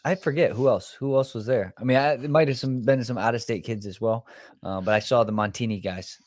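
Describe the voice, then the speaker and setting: A man's voice: medium pitch, brisk, darkish tone, dry recording. A man hosting a podcast in casual chat, hesitant with many fillers as he steers the talk.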